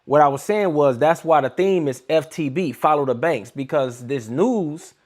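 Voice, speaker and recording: Hyped man livestreaming to his chat. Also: a little high. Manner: hyped, talks straight to his chat viewers. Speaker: livestream trading host.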